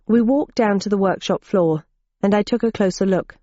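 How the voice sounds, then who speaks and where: A woman's voice: mid-range voice, normal speed, dark tone, no room sound, lo-fi sound. A woman reading a first-person audiobook in a wry, dry, observant manner. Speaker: audiobook narrator.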